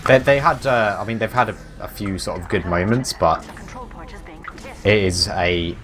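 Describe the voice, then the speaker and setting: A man's voice: on the low side, moderate pace, a bit bright, soft background music. A man giving color commentary on an online match, casual and analytical, with lots of restarts and "like". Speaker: esports co-caster.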